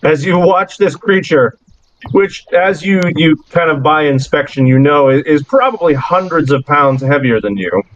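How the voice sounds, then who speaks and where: A man's voice: a little high, expressive, moderate pace, muffled recording, slight background noise. A man narrating a tabletop role-playing game as game master, breaking into laughs between rambling descriptions.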